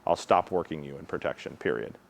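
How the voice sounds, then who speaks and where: A man's voice: extremely low pitch, a little fast, vocal fry. A man explaining protection dog training to students in a casual teaching tone, often checking in with "right?" and acting out how dogs react. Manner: frequent tag question "right?"; acts out dog reactions with his own voice.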